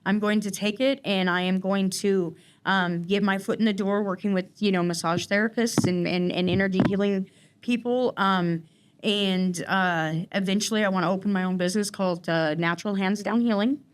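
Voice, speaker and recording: Woman, guest interview, rambling, fillers and restarts, mid pitch. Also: fairly even intonation, normal speed, smooth. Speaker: guest in recovery. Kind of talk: personal storytelling interview.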